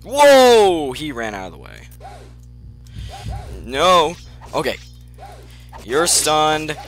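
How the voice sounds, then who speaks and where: A young man commentating his own gameplay, muttering to himself and then breaking into excited yelps. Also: medium pitch, measured pace, faint music behind. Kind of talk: let's play commentary.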